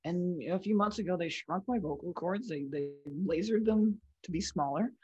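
A woman with a breathy, weak voice, talking frankly as a guest in a casual interview. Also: fairly low pitch, moderate pace, warm tone, dull audio. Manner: frank, talks in restarts and lists. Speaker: comedian guest.

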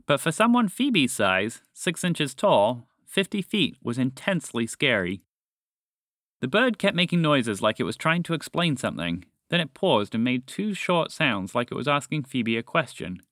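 A man reading a children's storybook aloud, animated and speaking directly to the listener. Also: medium pitch, normal speed, no room sound, studio quality.

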